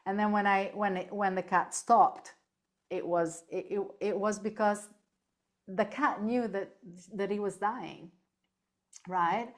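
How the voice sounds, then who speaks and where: A woman speaking as a podcast guest on animal end-of-life care, telling lively stories, laughing easily and often checking in with "right?". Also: mid-range voice, slow. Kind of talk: casual interview chat.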